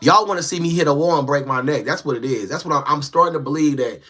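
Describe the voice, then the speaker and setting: A young man chatting casually on a live stream from a small home setup, reading and answering viewer comments in a relaxed, slangy way. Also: a little high, fast talker. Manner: laid-back, slangy, talks straight to viewers. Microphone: phone.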